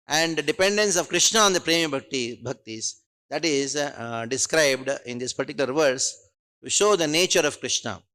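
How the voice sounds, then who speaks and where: A man's voice: fairly high pitch, fairly bright tone. A man with an Indian accent giving a scripture class at a temple, reciting Sanskrit verses and posing rhetorical questions. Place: temple hall.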